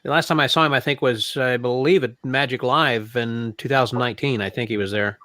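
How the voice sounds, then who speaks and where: Host asking questions hesitantly. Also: male voice, medium pitch, steady tone, brisk, sharp tone, dry recording. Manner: hesitant, filler-heavy asking. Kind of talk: interview questions.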